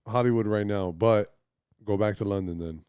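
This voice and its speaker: A man's voice: fairly low pitch, normal speed, a little mellow, clean tone, no echo, clean studio sound. A man with a Miami accent hosting a casual podcast interview, teasing his guest and dropping in Spanish phrases. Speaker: podcast host.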